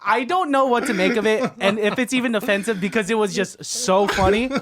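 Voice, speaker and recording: A young man co-hosting a podcast, chatting casually with relaxed, wry reactions. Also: sits high, a little fast, a crowd in the background. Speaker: podcast co-host. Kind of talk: casual chat.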